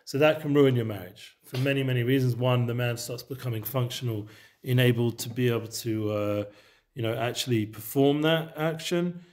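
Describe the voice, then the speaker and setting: A man leading a relaxed Torah study session, explaining Hebrew texts in a loose, conversational way. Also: mid-range voice, moderate pace. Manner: mixes Hebrew terms into English, loose and conversational. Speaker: Torah teacher.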